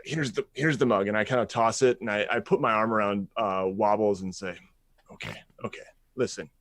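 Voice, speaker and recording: A man's voice: lowish voice, fairly even intonation, fairly quick, fairly bright tone, lightly acted. A man voicing a fussy male goblin adventurer who stammers flustered apologies. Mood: conspiratorial.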